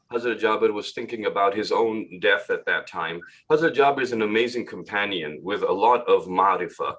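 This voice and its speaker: A man delivering a religious lecture at a memorial gathering, retelling a narration and acting out its dialogue with rising emphasis. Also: on the low side. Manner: storytelling, gently acts out dialogue with rising emphasis.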